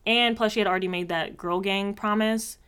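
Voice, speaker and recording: A woman chatting casually as a co-host, recapping episodes with quick, animated asides. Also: medium pitch, clean tone.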